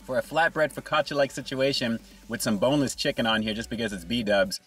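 A man's voice: mid-range voice, a little fast, a bit bright, husky, soft background music, poor audio. A man hosting a casual food review, upbeat and chatty, talking to viewers between bites. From Southern California.

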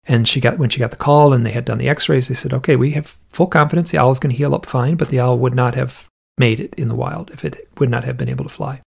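A gravelly, husky male voice at medium pitch keeps a steady tone while moving at a quick pace. He's an interview guest telling a rambling, casual story peppered with "like" asides, voicing the people he quotes.

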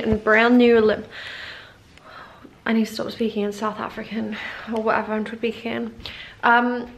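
A woman's voice: medium pitch, fairly bright tone. A young woman chatting casually to the camera at home for her fashion vlog, gushing and filling her sentences with "like". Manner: chatty, says "like" often, gushing. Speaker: fashion vlogger. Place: at home indoors.

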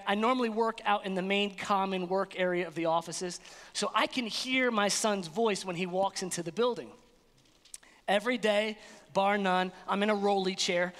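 A man preaching an energetic sermon as pastor, animated and playful, acting out little scenes. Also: sits high. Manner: animated, playful, acts out voices. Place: church sanctuary. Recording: long hall reverb.

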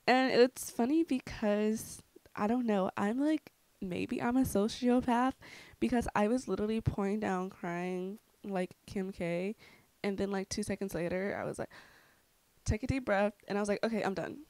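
A young woman vlogger telling a casual story, chatty and full of fillers, with dark jokes. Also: medium pitch, normal speed, no echo. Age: young adult. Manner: chatty, filler-heavy, darkly joking.

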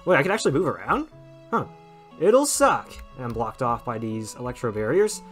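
A man's voice: mid-range voice, big pitch swings, fast talker, a bit bright, soft background music. Wry man commenting on a game. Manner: wry, sarcastic asides. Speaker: let's play gamer. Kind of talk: casual gameplay commentary.

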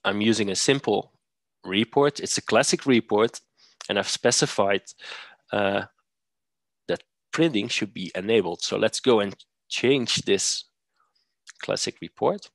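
A man presenting a software demo, walking through steps methodically with occasional fillers. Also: on the low side, a little slow, creaky, pauses often, no room sound. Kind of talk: screen-share software demo.

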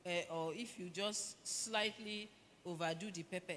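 A middle-aged woman with a Nigerian accent, gently telling her own story as a church panelist. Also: fairly low pitch, fairly even intonation, a little slow, heavy background noise. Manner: gentle, reflective storytelling with laughter. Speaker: pastor's wife, panelist. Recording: reverberant church hall, faint ambience.

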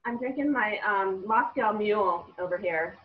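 A woman joining a live craft session as a participant, chatting excitedly. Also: mid-range voice, normal speed, narrow, tinny audio. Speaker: participant following along. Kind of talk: casual chat on a live call.

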